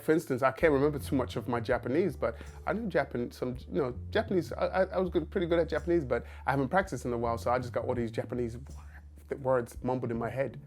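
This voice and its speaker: A man's voice: medium pitch, a little mellow. A man who works as an actor, talking casually to the camera and breaking off into quoted asides and restarts.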